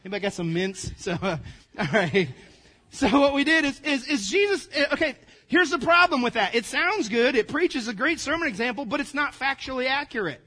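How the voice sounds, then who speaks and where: A man preaching a casual, conversational sermon, calling the congregation "gang" and swinging between loud emphasis and quiet asides. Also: extremely high pitch, lively intonation, fairly quick. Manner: folksy, calls the congregation "gang", asides to the room. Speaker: pastor.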